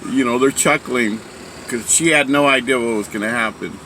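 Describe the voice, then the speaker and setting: Man, casual storyteller, bright voice, rambling with fillers, faint hum behind. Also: mid-range voice, normal speed. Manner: rambling, many fillers and restarts. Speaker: speaker sharing a story.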